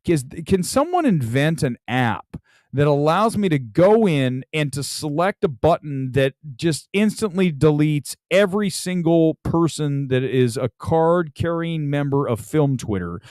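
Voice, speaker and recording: A man's voice: fairly high pitch, lively intonation, unhurried, a little mellow, dry recording. A man hosting a movie talk live stream, chatting casually and rambling with frequent restarts. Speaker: movie talk show host.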